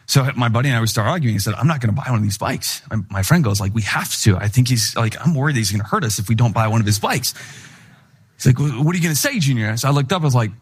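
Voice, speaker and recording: A young man from Wisconsin preaching a sermon, telling a personal story with lively acted-out voices. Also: fairly high pitch, quick pace, slightly rough. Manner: animated storyteller, acts out voices in anecdotes. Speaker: pastor.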